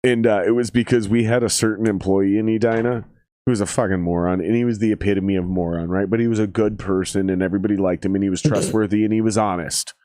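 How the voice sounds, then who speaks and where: A man's voice: on the low side, fast talker, dry recording. A man from Minnesota hosting a podcast, telling profane stories in casual chat and acting out what people said. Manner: profane, animated storyteller who acts out quotes. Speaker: podcast host.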